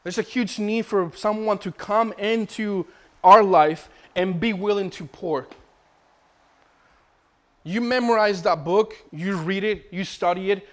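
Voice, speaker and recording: Animated man preaching with stories. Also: high-pitched, measured pace. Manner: storytelling, animated, restarts often. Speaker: guest speaker, missionary. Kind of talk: informal preaching talk.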